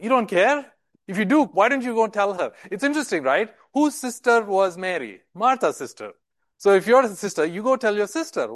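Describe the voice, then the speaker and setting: A man's voice: sits high, no echo. Man preaching an emphatic sermon. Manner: emphatic, repeats words, asks rhetorical questions.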